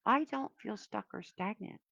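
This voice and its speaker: Low raspy-gravelly woman doing a chatty card reading for her viewers, wanders and pauses a lot, dull lo-fi audio. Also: fairly bright tone, no room sound. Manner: meandering, reflective, with frequent pauses and fillers. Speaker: oracle card reader.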